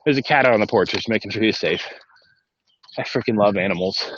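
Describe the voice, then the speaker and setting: A man's voice: lowish voice, fast talker, a bit bright, highs cut off. A man hosting a casual live-stream podcast from inside a vehicle, chatting in a rambling way and talking to his kids between points. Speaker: podcast host.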